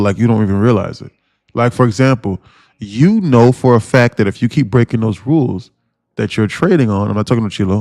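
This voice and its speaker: A man's voice: medium pitch, darkish tone, no room sound, clean studio sound. Blunt, rambling male stream host. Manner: rambling, slangy, repeats himself, blunt rhetorical questions. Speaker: day-trading livestream host. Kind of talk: casual livestream chat.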